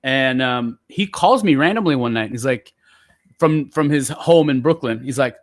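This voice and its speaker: A man telling stories in relaxed, casual chat as a guest poet, with lots of fillers. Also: mid-range voice, normal speed, no echo, clean studio sound. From San Jose area. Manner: relaxed, chatty storyteller with many fillers.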